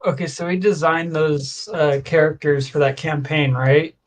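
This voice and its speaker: A man's voice: on the high side, steady tone, normal speed. A man co-hosting a casual podcast, hesitant and searching for words, full of fillers. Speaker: podcast co-host, artist. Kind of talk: casual chat.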